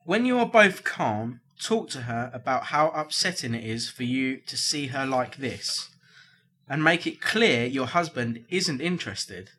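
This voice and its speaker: A man's voice: medium pitch, lively intonation, a little slow, sharp tone, slight background noise. A man co-hosting a casual podcast, reading out problem letters with a jokey, laughing delivery.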